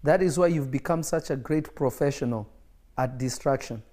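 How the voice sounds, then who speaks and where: A man's voice: mid-range voice, normal speed, darkish tone. A man preaching an emphatic livestreamed sermon, repeating phrases for effect, with coughs and laughs between points.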